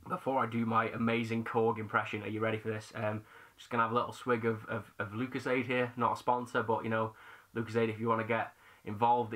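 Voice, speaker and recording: A man's voice: fairly low pitch, fairly bright tone. A young British man hosting a casual Q&A for his movie channel, chatty and self-deprecating with plenty of slang. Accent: British English. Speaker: YouTube movie channel host. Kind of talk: casual Q&A chat to camera.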